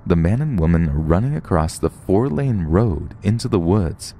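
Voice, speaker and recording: Deep, lively male horror story narrator. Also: normal speed. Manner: storytelling, puts on short voices for quoted people. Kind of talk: scripted narration of horror stories.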